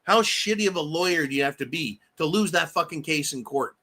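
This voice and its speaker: Profane, ranting man with a bright voice. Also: fairly high pitch, animated, brisk, slight background noise. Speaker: host reading viewer comments. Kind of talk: live stream commentary.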